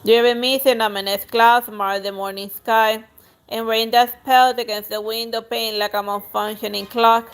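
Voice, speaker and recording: A woman's voice: a little high, level tone, moderate pace, faint music behind. Woman reading a story game aloud. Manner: dry asides between reading. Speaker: streamer.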